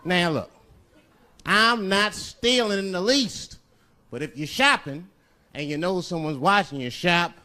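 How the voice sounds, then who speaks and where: A man performing a stand-up comedy set on stage, telling stories that swing between loud punchlines and low asides. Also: expressive, measured pace. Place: stage before a live audience. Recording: live stage mic with crowd laughter. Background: audience laughter.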